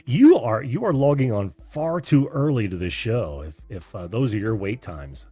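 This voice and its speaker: A man hosting a live call-in show, easygoing and quick to laugh. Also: mid-range voice, sing-song, mellow, slightly rough, dry recording. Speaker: host.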